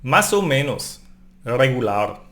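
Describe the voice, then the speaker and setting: A man teaching a language lesson, reading phrases slowly and repeating them, often adding a questioning "no?". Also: mid-range voice, very animated, a bit bright. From Germany. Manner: slow, repeated pronunciation drills with tag questions.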